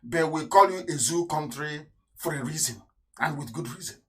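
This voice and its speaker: A man with a Nigerian accent delivering an impassioned live radio address, full of scornful rhetorical questions, swinging between loud outbursts and low mutters. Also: lively intonation, normal speed, slightly rough, low-quality recording. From southeastern Nigeria. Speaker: radio broadcaster and activist.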